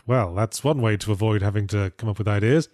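A man's voice: lowish voice, quick pace, a little mellow, no echo. A man co-hosting a podcast in casual chat, dry and sardonic. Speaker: podcast co-host.

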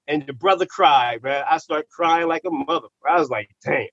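A man telling a personal story in casual, profane slang, animated and repeating words when he gets worked up. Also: fairly high pitch, moderate pace, creaky, hardly any pauses, no room sound. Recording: slightly muffled recording.

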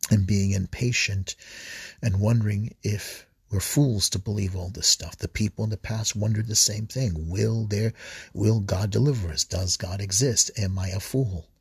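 A man preaching an earnest, repetitive reflection on scripture readings for a podcast, often restarting phrases and clearing his throat. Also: on the low side, dry recording, studio quality.

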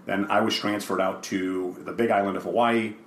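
An older man with a low-set voice tells rambling stories in a relaxed, chatty podcast conversation. He slips into acted-out quotes as he goes. The room is echoey, with a faint hiss underneath. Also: normal speed. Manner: rambling storyteller who acts out quotes. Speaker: guest, father of the host. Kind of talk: casual podcast chat.

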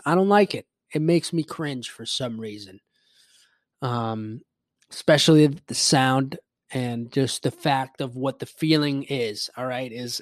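A man's voice: medium pitch, no room sound, studio quality. A man hosting his own show, rambling in a casual solo rant, swearing freely and mocking his own grumpiness. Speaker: podcast host.

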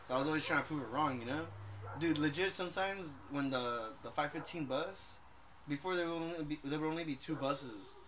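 A man's voice: a little high, a little fast, crowd noise. A young man co-hosting a casual podcast, telling rambling stories full of slang and swearing. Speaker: podcast co-host. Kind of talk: casual chat.

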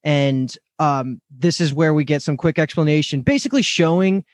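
A man co-hosting a casual podcast, explaining scenes in a steady way. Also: a little high, moderate pace, no room sound, studio quality. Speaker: podcast co-host. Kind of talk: casual recap chat.

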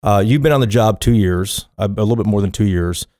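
A man hosting a podcast, interviewing a guest in a halting, conversational way. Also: fairly low pitch, a little mellow, no echo, clean studio sound. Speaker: podcast host.

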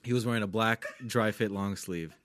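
A man's voice: on the low side, moderate pace, a bit bright. A man on a podcast casually telling a long story, rambling, swearing often and laughing as he goes. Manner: laid-back, rambling, swears often, laughs through his stories. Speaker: podcast co-host.

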